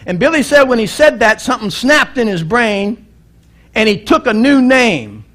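A man's voice: extremely high pitch, sing-song, moderate pace, a bit bright. A middle-aged male pastor preaching a sermon, telling a story earnestly and building to emphatic appeals, often restarting and repeating words.

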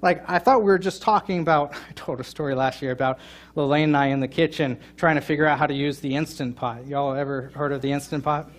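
A middle-aged man preaching a sermon, telling a funny story and joking with his congregation, with loud emphatic peaks. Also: fairly high pitch, steady tone, fast. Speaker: pastor. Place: church sanctuary.

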